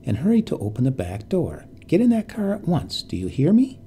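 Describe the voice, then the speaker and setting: A man voicing a proud, bossy young woman from the city, brisk and indignant in a story reading. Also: medium pitch, huge pitch swings, warm tone, a little hiss or hum. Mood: sharp. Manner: brisk, indignant, self-satisfied.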